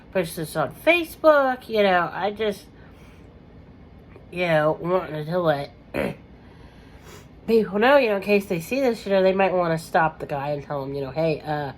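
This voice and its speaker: A woman vlogging in a casual, rambling way, with many fillers, who keeps clearing her throat through a coughing fit. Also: fairly low pitch, rough recording. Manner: chatty, lots of "you know" fillers, frequent throat clearing.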